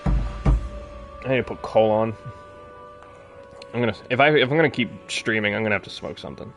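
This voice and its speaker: A man's voice: lowish voice, moderate pace, gravelly, faint music behind. Rambling, swearing male streamer. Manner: rambling, swears freely, ranting. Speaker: live streamer. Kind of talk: casual live-stream chat.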